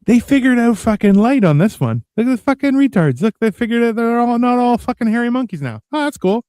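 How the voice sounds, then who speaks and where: A man's voice: extremely high pitch, animated, fairly quick, darkish tone, clear, resonant tone, no echo, studio quality, pitched above the performer's own voice. A man voicing a careless, mocking alien traveler in a raised, jokey voice full of swearing. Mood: dismissive.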